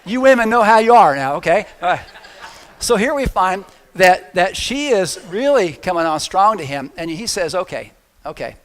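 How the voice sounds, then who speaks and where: A man preaching a sermon with a high-pitched voice. He tells the story casually and jokes along the way, with a storytelling manner. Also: sing-song, normal speed. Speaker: pastor.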